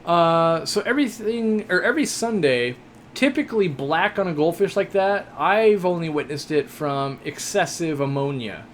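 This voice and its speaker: Young male live-stream host, a bit high-voiced, loose and jokey with lots of "uh"s, faint hiss behind. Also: lively intonation, normal speed. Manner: chatty, joking, rambling with many fillers. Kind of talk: casual live-stream chat, reading viewer questions.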